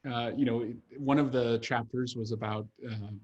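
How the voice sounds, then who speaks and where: A man's voice: medium pitch, fairly even intonation, normal speed, darkish tone, muffled recording. Man talking earnestly on a video call. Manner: frequent "uh" fillers, earnest and fluent. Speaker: author and congressman guest. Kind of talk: conversational interview over video call.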